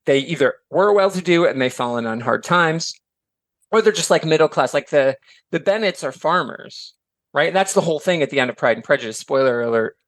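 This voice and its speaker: A middle-aged man from Michigan chatting as a podcast guest, animated and filler-heavy, slipping into voices for quotes. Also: on the high side, a little fast, no room sound. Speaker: podcast guest, author and educator. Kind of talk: casual chat.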